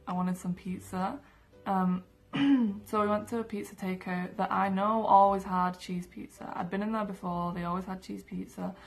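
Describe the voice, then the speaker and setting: Young Englishwoman vlogger, chatty storyteller, level delivery with a creaky edge. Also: mid-range voice. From England. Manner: chatty, many "like" and "um" fillers. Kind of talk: casual storytelling to camera. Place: her room indoors.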